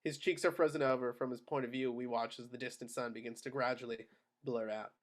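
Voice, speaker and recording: A man's voice: medium pitch, a little fast. Man reading screenplay action lines. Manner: steady, matter-of-fact delivery. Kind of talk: reading screenplay stage directions.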